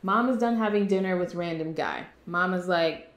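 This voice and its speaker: Woman talking thru a movie plot, lively, does little voices for the characters, kinda echoey room. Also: on the low side, faint music behind. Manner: animated, slips into quick impressions of characters. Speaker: movie recap youtuber. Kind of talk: casual movie recap. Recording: roomy echo.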